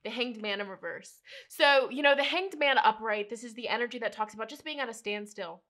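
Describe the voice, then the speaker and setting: Earnest higher-pitched woman reading tarot. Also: brisk, a bit bright. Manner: emotional, earnest, repeats phrases, addresses viewers as you guys. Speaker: tarot reader. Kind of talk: pick-a-card tarot reading to viewers.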